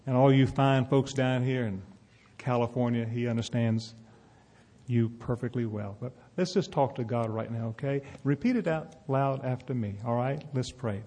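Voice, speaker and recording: A man from North Carolina, leading an altar call and a prayer in a folksy, gentle way. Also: medium pitch, fairly even intonation, normal speed, long reverb tail. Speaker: evangelist preacher. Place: large arena event.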